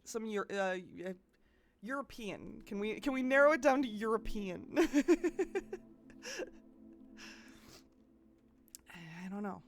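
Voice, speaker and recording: A woman with a medium-pitched voice and moderate pace streams a puzzle game live, thinking out loud and chatting with viewers. She restarts frequently as she gives her gameplay commentary.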